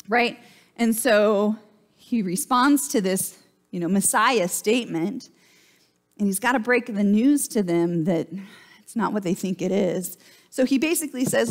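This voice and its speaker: A woman's voice: mid-range voice, a little slow. A woman pastor preaching a sermon in a church, in a chatty, conversational way and often checking in with "right?".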